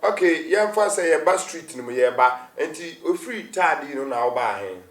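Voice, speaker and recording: A man hosts a conversational interview, his voice sitting somewhat high for a man. He keeps the talk going with short prompts and laughs along with his guest. The recording has a roomy echo. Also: lively intonation, brisk, fairly bright tone, distant mic. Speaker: interview host.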